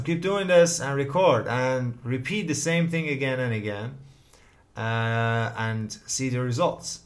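Slow-spoken encouraging man, group leader. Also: mid-range voice. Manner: encouraging, repetitive, many fillers. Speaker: English learning group leader. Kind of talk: spoken feedback to a learner.

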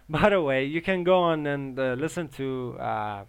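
A young man from Iran speaks English in a relaxed, unscripted monologue. His voice is smooth and resonant at a mid pitch. He stops often on filler sounds and restarts his sentences as he explains his tips for learning English. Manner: halting, with many filler pauses and restarts. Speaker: English learner giving advice. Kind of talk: casual monologue.

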